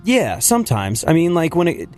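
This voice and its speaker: A man hosting a radio show who grew up in England, chatting in an animated, rambling way and laughing often. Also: on the high side, normal speed, faint music behind. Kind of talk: casual radio banter. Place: radio studio.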